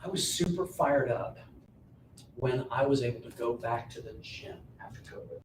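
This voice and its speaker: A man coaching an audience through a joking, self-mocking personal story, told with lively energy. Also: moderate pace. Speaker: business coach and speaker. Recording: roomy and distant with faint rumble.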